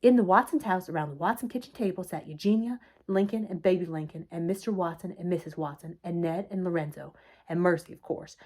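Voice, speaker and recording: A woman telling a children's story aloud in a clear, expressive way. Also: fairly low pitch, brisk. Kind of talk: children's book read-aloud.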